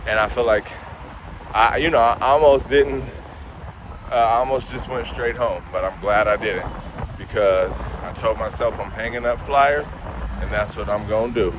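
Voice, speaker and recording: A man's voice: fairly low pitch, normal speed. A man in a casual vlog who talks straight to camera. He is out on a city street hanging flyers and keeps calling his viewers "y'all". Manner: laid-back, addresses viewers as "y'all". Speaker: vlogger and hip-hop artist. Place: outdoors on a city street by traffic. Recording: street noise behind. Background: traffic and street noise.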